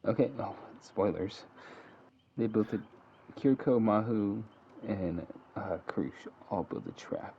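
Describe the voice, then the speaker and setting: A man's voice: on the low side, a little slow. A man casually reading out game events with dramatic flair, laughing at and correcting his own slips. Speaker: narrator of a game simulation. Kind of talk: casual read-aloud narration. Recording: dull lo-fi sound with faint hiss.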